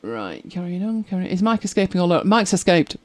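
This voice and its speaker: A woman's voice: on the low side, very animated, fast talker, dry recording. Chatty woman, dry close sound. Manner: chatty, rambling storyteller with frequent laughs. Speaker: livestream host reading viewer comments. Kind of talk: casual live chat.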